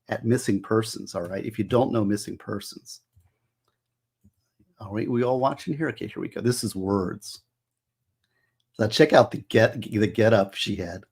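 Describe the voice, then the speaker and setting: A man's voice: on the low side, moderate pace, gravelly, slightly rough. A man hosting a casual livestream about music, chatting with viewers in a rambling, enthusiastic way, full of trivia and restarted phrases. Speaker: host.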